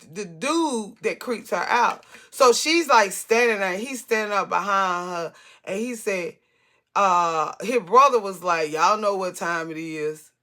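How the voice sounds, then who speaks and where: Woman storyteller, casual vlog, rambling with restarts and swearing, bright forceful tone. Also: on the high side. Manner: rambling, profane, many restarts.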